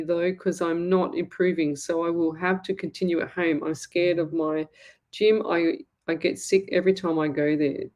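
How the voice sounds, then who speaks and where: A woman's voice: on the low side, a little mellow. An Australian woman hosting a live-stream, reading out viewer comments and answering them in a blunt, emphatic way. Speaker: psychic medium host.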